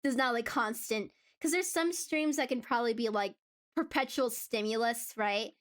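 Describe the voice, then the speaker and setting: A woman's voice: on the high side, moderate pace. A woman streaming live, chatting casually with her viewers in a rambling way, laughing often between thoughts. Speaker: VTuber streamer.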